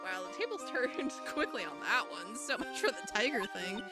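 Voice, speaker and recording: A woman's voice: on the high side, very animated, normal speed, music in the background. A woman streamer giving casual, chatty game commentary with giggly asides.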